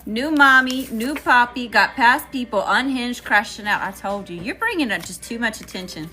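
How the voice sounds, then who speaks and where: A woman's voice: a little high, lively intonation, normal speed, pushed and bright. A woman with a Southern accent doing a casual tarot reading, chatty and slangy, talking back to Spirit. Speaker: tarot reader.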